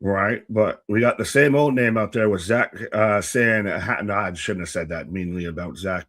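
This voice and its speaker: A man with a low voice co-hosts a laid-back live wrestling watch-along stream, joking around and reading viewers' names and shout-outs from the chat. He talks fairly quickly with hardly any pauses, and the audio is studio quality with no room sound.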